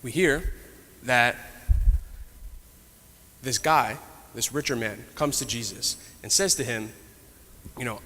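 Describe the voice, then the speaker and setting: A man's voice: mid-range voice, measured pace, pauses often, sharp tone, breathy edge. Man teaching Bible class in echoey hall. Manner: conversational, retells stories with asides.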